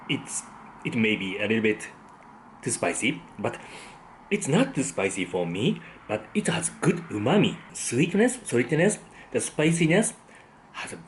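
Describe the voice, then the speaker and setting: Slow, savoring man. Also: medium pitch, a little hiss or hum. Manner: savoring, frequent appreciative hums. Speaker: food vlogger. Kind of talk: casual tasting commentary.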